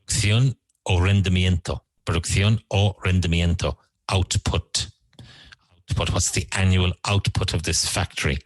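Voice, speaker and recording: Low-voiced man teaching English words. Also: steady tone, dry recording, rough recording. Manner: repeats words slowly and explains them. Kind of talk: vocabulary lesson.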